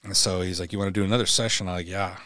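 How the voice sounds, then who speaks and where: A man's voice: sits low, steady tone, very fast, bright, forceful tone, dry recording, studio quality. A middle-aged man, a former Navy SEAL, speaking as a podcast guest. He tells a personal story candidly and bluntly, with profanity, and acts out the dialogue he quotes.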